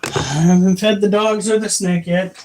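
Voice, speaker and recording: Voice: medium pitch, flat delivery, normal speed, background noise. A pet owner vlogging casually at home, chatting and cooing affectionately at the animals. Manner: chatty, coos affectionately at pets. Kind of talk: casual chat. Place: home with pets.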